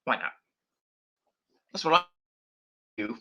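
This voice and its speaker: A man's voice: mid-range voice, lively intonation, takes it slowly, bright, forceful tone, dull audio. A man casually reviewing wrestling on a live stream, rambling and swearing, with lots of fillers and restarts.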